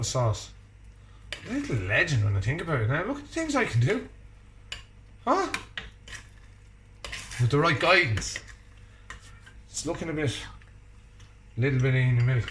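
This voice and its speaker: A man's voice: mid-range voice, very animated, normal speed, long pauses, a bit bright, roomy sound, a little hiss or hum. An Irishman chatting and joking while he cooks at home, bantering with someone off camera. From Ireland. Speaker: vlogger cooking at home. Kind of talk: casual chat while cooking. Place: home kitchen.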